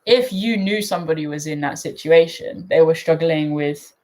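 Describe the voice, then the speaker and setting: A woman's voice: low voice, normal speed. Emotional woman hosting a chat. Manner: warm-hearted, emotional, laughs often. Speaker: host. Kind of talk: live chat.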